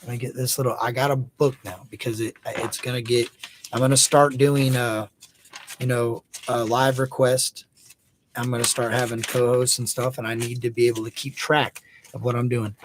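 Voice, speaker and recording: A man's voice: mid-range voice, level tone, moderate pace, background noise. A man in his thirties hosting a casual livestream, chatting loosely and hyping up viewers by name. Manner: laid-back, hypes up viewers by name. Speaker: livestream host.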